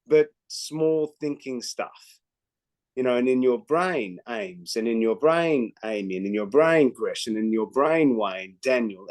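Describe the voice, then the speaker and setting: A man talking on a video call, excitable and animated, swinging between loud bursts and quiet asides as he motivates his team. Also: on the high side. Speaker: co-host, business mentor.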